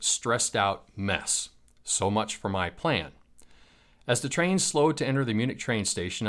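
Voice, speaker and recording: A man's voice: mid-range voice, fairly bright tone. An American man telling a personal travel story in a wry, self-mocking way. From United States.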